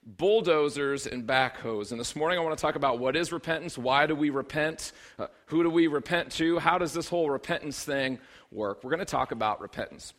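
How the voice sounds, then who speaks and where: A man's voice: on the high side, brisk, a bit bright. A man in his thirties, a pastor preaching a sermon in a conversational, humorous way, building to emphatic bursts.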